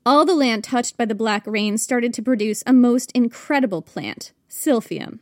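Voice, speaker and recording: Woman, high-pitched, dry mic, chatty, playful, history podcast host. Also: normal speed, no echo. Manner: playful, chatty, thinks aloud. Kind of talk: casual history storytelling.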